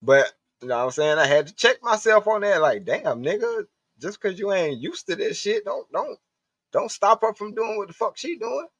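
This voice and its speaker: A man's voice: sits high, big pitch swings, normal speed, fairly bright tone, no room sound. Profane man rambling on a stream. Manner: profane, rambling, talks to chat. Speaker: live stream host. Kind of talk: casual livestream monologue. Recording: dull, dry lo-fi stream audio.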